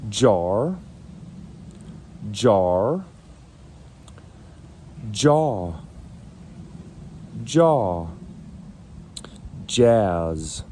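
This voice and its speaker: A man teaching English pronunciation, saying each word twice slowly and carefully. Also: lowish voice, very animated, dark tone, a little hiss or hum. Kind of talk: slow, deliberate word drills.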